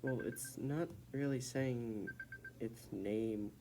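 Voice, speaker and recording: Woman student with a really deep voice, unsure answers, clear noise in the background. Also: takes it slowly. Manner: hesitant, tentative answers. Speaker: reading student. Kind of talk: answering in a tutoring session.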